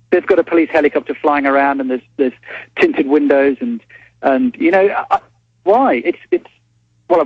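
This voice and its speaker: Husky man on a muffled phone line. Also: on the high side, dry recording. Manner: thoughtful, halting, many restarts. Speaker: journalist guest. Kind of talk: phone-in interview. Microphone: telephone.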